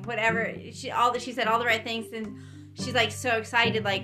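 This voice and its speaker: A woman's voice: on the high side, steady tone, moderate pace, music in the background. A woman casually retelling a movie plot in a rambling, chatty way, with frequent ums.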